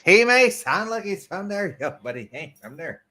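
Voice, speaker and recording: Brash, bright-voiced American man. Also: high voice, very animated, normal speed, a little hiss or hum. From United States. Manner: brash, argumentative, heavy swearing. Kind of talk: casual chat.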